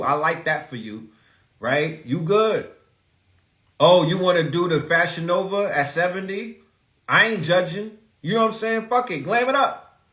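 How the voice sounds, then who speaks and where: A man's voice: a little high, a bit bright. Preachy, profane man in an echoey room. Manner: profane, preachy, rhetorical questions. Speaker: podcast host. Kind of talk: live-stream rant.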